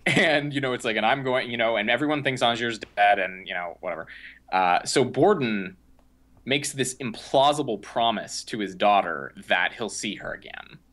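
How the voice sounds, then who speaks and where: A young man co-hosting a podcast recaps a film in casual, rambling fashion, with lots of fillers and restarts. His medium-pitched voice is fairly bright and moves at a moderate pace.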